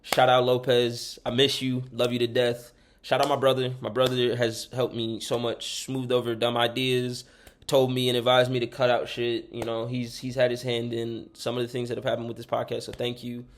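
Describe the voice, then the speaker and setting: A man's voice: medium pitch, completely flat delivery, normal speed, background noise. A young man hosting a podcast, rambling sincerely through thank-yous to friends and listeners, swearing freely and choked up close to tears. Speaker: podcast host. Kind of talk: heartfelt shout-outs to listeners.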